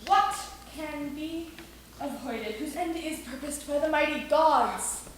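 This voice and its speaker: A woman's voice: sits high, slight background noise. Caesar, a woman playing a proud commanding ruler. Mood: defiant. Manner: slow, declamatory verse delivery. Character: proud defiant Roman ruler Caesar, male. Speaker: camp actor. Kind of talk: amateur stage Shakespeare. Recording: echoey room.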